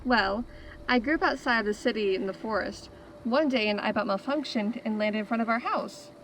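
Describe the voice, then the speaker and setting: A woman's voice: a little high, normal speed, a bit bright, slight background noise, rough recording. A woman voicing a playful young female tech trader in a video game, who builds robots and talks in a teasing, jokey way. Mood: chatty. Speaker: merchant. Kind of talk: video game character dialogue.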